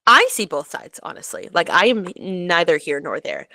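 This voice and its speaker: Bright, chatty woman podcast co-host. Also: lowish voice, moderate pace, vocal fry, no echo. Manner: animated storyteller, many "like"s and "um"s. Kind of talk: casual chat.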